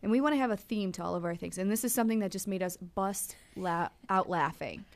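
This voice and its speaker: A woman's voice: mid-range voice, fast. A young woman hosting a casual web show, chatting in a bubbly, gushing way with plenty of ums. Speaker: show host. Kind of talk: casual chat.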